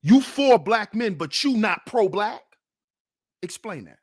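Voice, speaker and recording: A man hosting a livestream, preaching in fired-up commentary with rhetorical questions, swinging between loud challenges and sarcastic muttering. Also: sits high, animated, takes it slowly, breathy edge. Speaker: livestream host.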